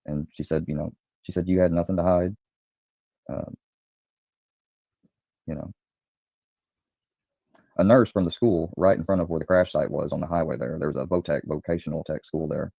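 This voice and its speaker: A man's voice: a bass voice, normal speed, vocal fry, pauses often, mellow, slightly rough, no echo. A man hesitantly recounting events, with many ums and restarts, heard from a dull played clip.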